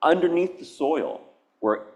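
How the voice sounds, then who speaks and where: His voice is fairly high, animated, unhurried and a little mellow. The man, from Hawaii, gives a reflective and earnest public artist talk in a university event space, meandering through ideas nonlinearly with frequent restarts and laughs.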